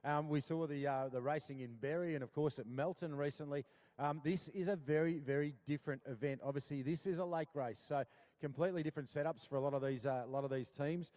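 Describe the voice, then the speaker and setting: An Australian man calling live powerboat racing, upbeat and chatty, full of shout-outs and "mate". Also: a little high, fast talker. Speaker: powerboat race commentator. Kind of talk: live sports commentary.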